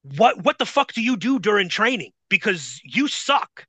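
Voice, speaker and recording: A man voicing a furious male wrestler who yells profane orders at a rookie. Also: high-pitched, big pitch swings, normal speed, slightly rough, dry recording, voice pushed up, full character voice. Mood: exasperated. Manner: profane, yelling.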